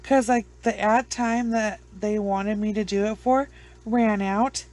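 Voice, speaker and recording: A woman's voice: medium pitch, fairly even intonation, measured pace, darkish tone. A woman with children chatting casually to her viewers, rambling, blunt and swearing freely. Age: adult with children. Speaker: true crime vlogger. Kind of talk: casual chat to camera.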